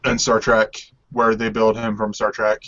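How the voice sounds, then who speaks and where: A man's voice: on the low side, completely flat delivery, moderate pace, a bit bright. A man co-hosting a casual podcast about TV, easygoing and full of hesitant fillers. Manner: hesitant, many ums, easygoing, laughs often. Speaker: podcast co-host. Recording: dull lo-fi sound.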